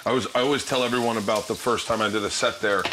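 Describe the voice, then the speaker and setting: A man's voice: fairly low pitch, fairly even intonation, racing, noisy background. A man hosting while he cooks, telling stories in a loose, rambling way, laughing often. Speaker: host cooking for guests. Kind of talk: casual storytelling chat. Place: kitchen with food frying. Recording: frying and sizzling behind.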